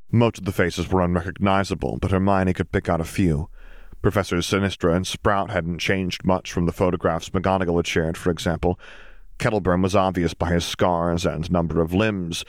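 A man reading a storybook aloud as narrator, steady and descriptive. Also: low-pitched, no echo, studio quality. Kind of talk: audiobook reading.

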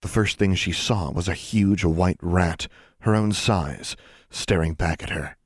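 Low-voiced man reading a story. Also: unhurried, no room sound, studio quality. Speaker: audiobook narrator. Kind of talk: scripted narration.

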